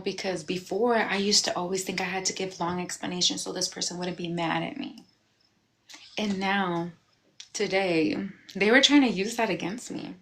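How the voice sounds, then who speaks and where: Candid woman talking on a livestream. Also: on the low side. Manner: candid, animated, with bursts of laughter; reflective and confessional. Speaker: livestream host. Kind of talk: casual livestream talk. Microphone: phone.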